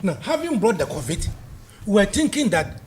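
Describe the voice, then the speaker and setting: A man's voice: sits high, big pitch swings, moderate pace, darkish tone. An angry man with a Ghanaian accent, a guest delivering heated political commentary and repeating points for emphasis.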